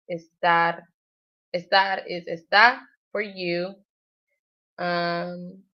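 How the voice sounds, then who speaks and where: Woman studying on a livestream, slow unhurried talk, hesitant and thinking aloud, dull lo-fi audio. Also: fairly low pitch. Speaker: language learner.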